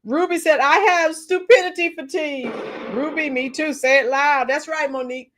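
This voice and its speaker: High-voiced chatty woman streamer. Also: moderate pace, a bit bright, a little hiss or hum. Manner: chatty, greets chat viewers by name. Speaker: livestream host. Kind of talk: casual reaction livestream.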